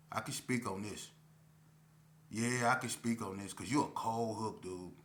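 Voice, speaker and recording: A middle-aged man spins a street story in a loose, slangy voice, full of "you know" and easy asides. His tone is bright and forceful, sitting in an ordinary middle pitch. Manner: laid-back, slangy, many "you know" fillers.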